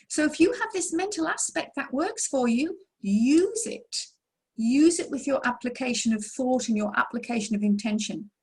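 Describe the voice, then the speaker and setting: A woman's voice: high-pitched, breathy edge. A woman answering questions as a mediumship teacher in an online session, explaining in an encouraging way.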